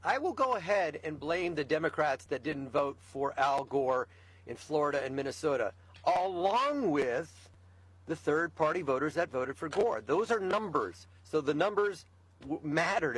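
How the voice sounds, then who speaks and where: A man talking as a guest in a casual political chat, emphatic and fired up, with quick asides. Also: on the high side, animated, breathy edge.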